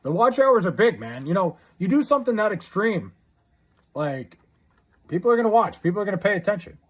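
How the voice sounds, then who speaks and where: A young man talks off the cuff on a live stream, rambling, swearing and restarting his sentences. His voice sits a bit high and swings a lot in pitch, with a husky edge. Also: very animated, brisk. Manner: rambling, profane, with frequent restarts. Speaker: livestreamer reading chat. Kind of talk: casual live-stream chat.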